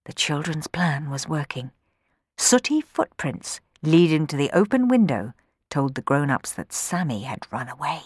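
A woman reading a children's storybook aloud in an expressive way, changing her voice for the characters. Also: low voice, a little slow, breathy edge, no room sound, studio quality.

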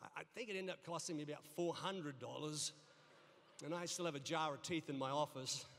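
A man's voice: on the high side, brisk, gravelly, a bit bright, a little hiss or hum. A middle-aged male pastor preaching a sermon in a church, telling folksy stories with humor and often repeating his words. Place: church sanctuary. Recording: long reverb of a church hall.

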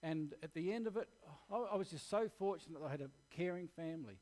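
An Australian man delivering a sermon to his church, earnest and candid as he shares his own story. His voice sits a touch higher than most men's, and he speaks plainly and directly. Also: expressive, fast talker, darkish tone. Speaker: preacher.

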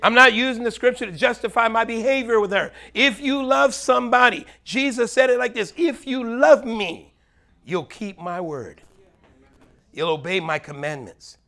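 A middle-aged man preaching a sermon as pastor, animated, swinging between loud highs and quiet low murmurs.

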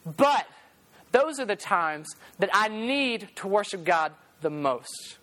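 A young man preaching a sermon, passionate and animated, telling stories and acting out the voices of the people in them. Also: high-pitched, takes it slowly. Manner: passionate, animated storytelling with acted-out quotes.

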